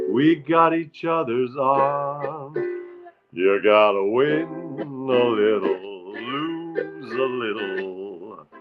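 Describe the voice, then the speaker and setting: Male host, relaxed and playful, slow delivery; sings with ukulele on a tinny streamed feed. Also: fairly high pitch. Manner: crooning, playful, greets viewers by name. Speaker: livestream show host. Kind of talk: casual livestream chat with ukulele songs. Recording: phone-like streamed audio with faint ukulele.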